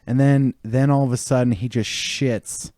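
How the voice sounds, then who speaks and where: A man's voice: medium pitch, moderate pace, no room sound, clean studio sound. Easygoing man running a tabletop game. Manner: relaxed, joking narration. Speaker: game master.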